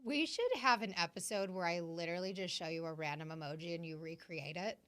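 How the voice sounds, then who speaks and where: Brief: blunt, teasing woman co-host with a bright, forceful tone. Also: on the low side, brisk. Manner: blunt, teasing, swears casually. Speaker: podcast co-host. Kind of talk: casual chat.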